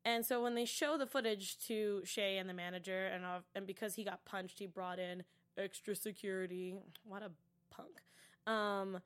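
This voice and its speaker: A woman hosting a TV after-show, recapping an episode in casual, animated chat, acting out characters' lines and dropping to whispers for asides. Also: medium pitch, normal speed, clear, resonant tone.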